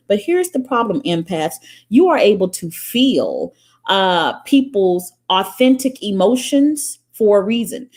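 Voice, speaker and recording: A woman's voice: mid-range voice, a little slow. Blunt, profane woman vlogger. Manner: blunt and profane, animated storytelling. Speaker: spiritual vlogger. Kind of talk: casual monologue to viewers.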